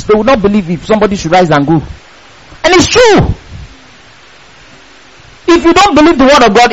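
A man preaching a sermon, reading scripture slowly and with emphasis, then breaking into passionate shouts. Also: sits high, dull audio. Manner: impassioned, rising to shouts on key lines.

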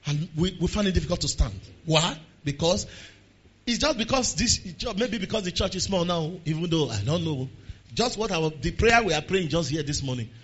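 A man with a Nigerian accent preaching a sermon to his church, moving between quiet talk and shouted prayer. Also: fairly high pitch, expressive, moderate pace, slightly rough, dull audio. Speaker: pastor. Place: church service.

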